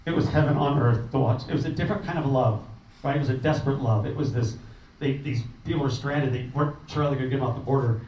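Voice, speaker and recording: A man's voice: medium pitch, fast talker, a little mellow. A man telling a meeting audience about a refugee relief trip, earnest and rambling, with fillers and restarts. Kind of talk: informal talk to a meeting audience. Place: meeting room. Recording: roomy, distant, dull sound with faint noise.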